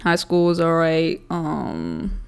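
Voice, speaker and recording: A woman's voice: low-pitched, sing-song, takes it slowly, creaky, a little mellow, smooth. A young woman co-hosting a casual podcast, swearing freely and saying "like" constantly. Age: young adult. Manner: casual, heavy swearing, says "like" a lot. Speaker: podcast co-host. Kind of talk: casual chat.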